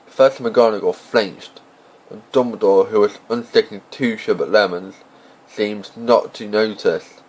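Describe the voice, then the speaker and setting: A man's voice: on the low side, unhurried, a little mellow, poor audio. A man narrating a story as an amateur audiobook reader, in a casual manner with small slips and off-script asides.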